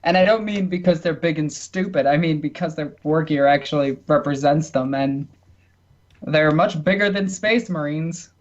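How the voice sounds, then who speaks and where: A man's voice: a little high, moderate pace, muffled recording. A man hosting a casual gaming podcast who makes blunt, offhand remarks.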